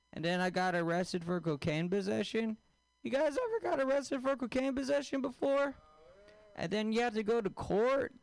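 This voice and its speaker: A man doing a stand-up comedy set, deadpan and crude, often quizzing the crowd. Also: sits high, no room sound. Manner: deadpan, crowd-work questions, crude jokes.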